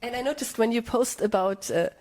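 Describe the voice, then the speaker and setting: A woman's voice: on the high side, a little fast, a little mellow. A woman interviewer, a German native speaker, asking questions in a casual, eager and upbeat way. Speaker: music interviewer.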